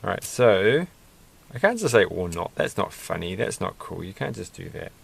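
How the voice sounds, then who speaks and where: Lego vlogger man, gravelly low register, musing running commentary while he builds. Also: very animated, normal speed. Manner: rambling, musing, self-deprecating.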